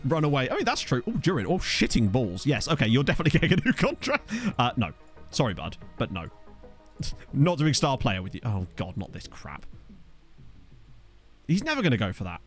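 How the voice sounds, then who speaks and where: A man's voice: mid-range voice, very animated, fairly quick, pauses often, faint music behind. A young man, streaming a football management game and chatting to viewers in a rambling, self-mocking way. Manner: rambling, self-mocking storyteller with frequent laughs. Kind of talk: casual gameplay chat with chat readers. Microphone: desktop USB mic.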